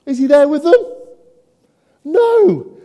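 A man delivers a sermon with a high, mellow voice that rings out through a church with a long reverb tail. He breaks his preaching with humorous asides and keeps putting rhetorical questions to his listeners. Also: very animated, slow pace.

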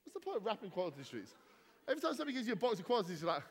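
Brief: male vicar, high bouncy voice, jokey crowd banter, long church-hall reverb. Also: big pitch swings, very fast, breathy edge. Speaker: vicar leading a church gathering. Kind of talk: playful banter with the congregation.

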